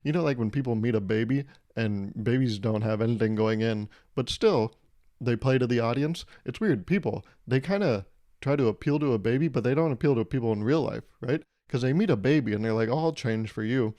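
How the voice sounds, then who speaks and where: A man's voice: medium pitch, a little fast, mellow. A young man hosting a podcast, rambling through a wry comedic monologue and swearing casually. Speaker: podcast host.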